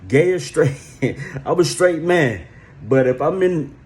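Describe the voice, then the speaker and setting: A man chatting casually and joking in a relaxed way. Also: on the high side, slow. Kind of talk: casual chat.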